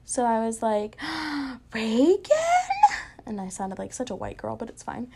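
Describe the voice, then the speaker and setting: A woman's voice: on the high side, fairly even intonation, brisk, creaky, dark tone, slight background noise. A woman in her late teens chatting through an everyday story, full of "like" and self-mocking asides. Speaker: vlogger. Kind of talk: casual storytelling.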